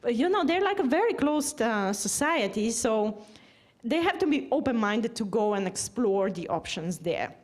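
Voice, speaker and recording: Chatty woman doctor with a high voice. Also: normal speed. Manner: chatty, animated, acts out dialogue. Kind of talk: church testimony talk.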